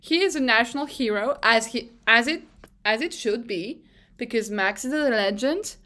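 Animated, opinionated young woman podcaster. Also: fairly high pitch, normal speed. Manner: animated, opinionated, swears freely. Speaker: podcast host. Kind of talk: casual solo podcast monologue.

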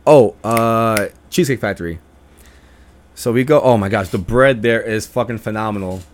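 A man's voice: lowish voice, normal speed. A young man casually telling stories about his friends, swearing a lot and acting out their lines in a raised voice. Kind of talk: casual storytelling.

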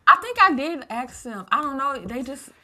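Bright-voiced woman in rambling chat. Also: sits high, moderate pace. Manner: rambling, animated storyteller. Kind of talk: casual chat.

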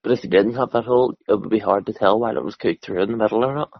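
A man's voice: lowish voice, racing, gravelly, slightly rough. A young man chatting casually as a podcast co-host, laid-back and swearing freely as he tells offhand stories. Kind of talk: casual chat. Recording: dry, dull lo-fi sound.

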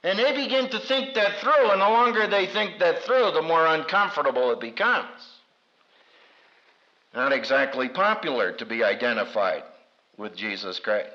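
Man, preacher, sermon, dramatic, humorous asides, lively pitch, dull old recording. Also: normal speed. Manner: dramatic, acts out quoted voices with big pitch swings.

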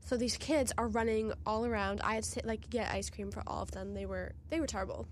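A woman's voice: fairly high pitch, steady tone, a little fast, a little hiss or hum. A young woman in her twenties chatting casually, telling gossipy work stories with giggles. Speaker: co-host. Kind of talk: casual chat.

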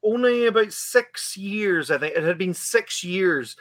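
A young man chats casually on a podcast. He tells his stories with animated, acted-out asides. His voice sits a little high and sounds bright, recorded dry and close. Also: unhurried, dry recording. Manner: animated storyteller, acts out his own past lines. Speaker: podcast guest. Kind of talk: casual chat.

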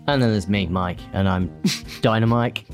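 A man's voice: low-pitched, moderate pace. English man, easygoing podcast co-host, chuckles often, faint music underneath. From England. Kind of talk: casual chat.

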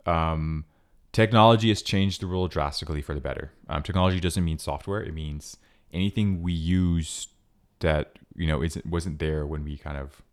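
A man's voice: very deep voice, moderate pace, hardly any pauses. A man co-hosting a podcast, talking earnestly and thoughtfully in casual chat, with many fillers. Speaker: podcast co-host.

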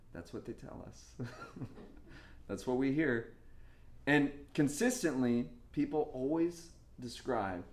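A young man preaching a sermon in a casual, animated way, with laughs and asides. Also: medium pitch. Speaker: pastor. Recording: echoey room.

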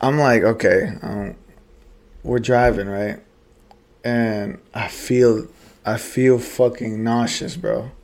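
Young man, casual podcast storytelling, swears freely, laughs mid-story, voice of ordinary pitch. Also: slow. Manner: animated, profane, laughs through the story. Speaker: podcast co-host.

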